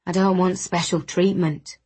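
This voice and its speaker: A woman reading the lines of a proud, scarred young man, soft-spoken and breathy. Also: fairly low pitch, moderate pace. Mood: subdued.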